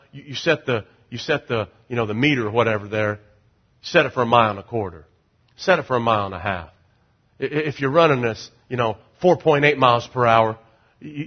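A middle-aged male pastor with a medium-pitched voice preaches an animated sermon, shifting between quiet conversational asides and loud, rising declarations.

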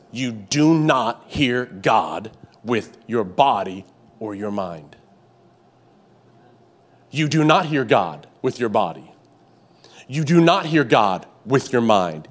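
A man with a mid-range, slightly bright voice preaches a sermon in a church sanctuary, addressing people there and online. His rhythm is repetitive, he calls for responses from the congregation, and excitement makes him stammer and restart.

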